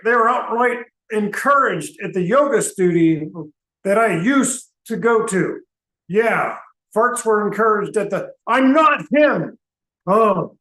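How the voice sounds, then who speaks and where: A man puts on a cranky old man with a beard and a cane, sick of being taken for Santa. He rants and shouts in a singsong, very high and piercing. The voice rings around an echoey room. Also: exaggerated voice. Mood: exasperated. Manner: exasperated, ranting, shouts in a singsong. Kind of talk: comedic character monologue.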